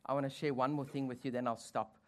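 A pastor giving a sermon with playful asides and wry humor. The delivery swings from loud, high emphasis to low, quiet reflection. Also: flat delivery, fast.

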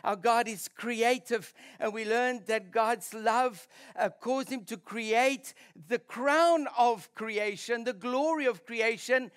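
A pastor preaching a sermon in church, restarting sentences now and then and sounding tired after little sleep. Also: male voice, extremely high pitch, slow pace, few pauses, smooth. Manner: warm-up chat before preaching, restarts mid-sentence. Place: church hall.

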